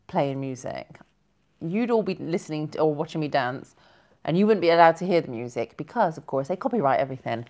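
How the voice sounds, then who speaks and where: A woman hosting a casual live stream, chatting and giggling as she reads out viewer comments. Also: deep voice. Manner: chatty and giggly, rambling with self-corrections.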